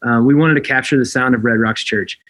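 A man in an interview, talking earnestly about his work. He speaks at an ordinary mid pitch and gets animated, circling back over the same phrases for emphasis. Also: brisk. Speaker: worship leader guest. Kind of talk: casual interview chat.

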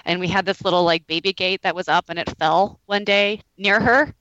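A woman telling a lively story in casual podcast chat, laughing often. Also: mid-range voice, moderate pace, no echo, lo-fi sound.

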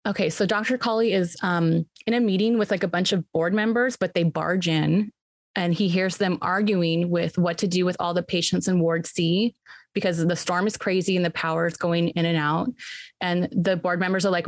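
A woman's voice: on the low side, fairly even intonation, moderate pace, no echo. A woman retelling a movie's plot to friends in a casual chat, acting out the characters' lines and filling her talk with "like" and "um.". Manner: retells scenes with quoted voices, lots of "like" and "um". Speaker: movie recapper.

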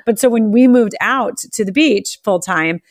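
Woman podcast host, chatty and excited, laughs a lot, dry close sound. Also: medium pitch, moderate pace, dry recording. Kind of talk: casual interview chat.

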